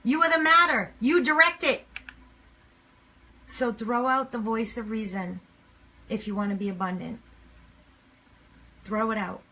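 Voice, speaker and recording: A woman speaking emphatically to camera as a motivational speaker, swinging between loud and hushed lines. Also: a little high, unhurried, long pauses.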